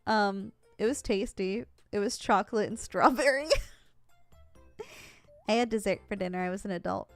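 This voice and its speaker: A woman streamer chats casually, telling giggly stories full of laughter and fillers in a fairly high voice. The close mic is dry with no echo, and faint music plays behind her.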